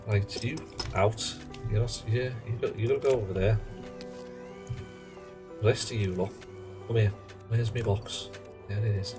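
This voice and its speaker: Man, lowish voice, live game commentary, mutters to himself, faint music behind. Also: steady tone, unhurried, long pauses. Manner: muttering to himself, chatty asides. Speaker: game streamer. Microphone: headset.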